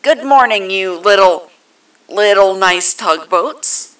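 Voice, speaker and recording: A woman voicing Mister Zero, an odd male car who speaks through a megaphone, halting and stammering, heard from a distance. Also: on the low side, animated, sharp tone. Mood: syrupy.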